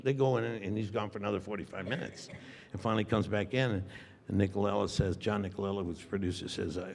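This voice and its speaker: An older man telling an animated anecdote on a convention panel, acting out dialogue and laughing often. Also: lowish voice, brisk, vocal fry. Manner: acts out dialogue with shifting voices, laughs often. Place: large convention hall. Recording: long hall reverb.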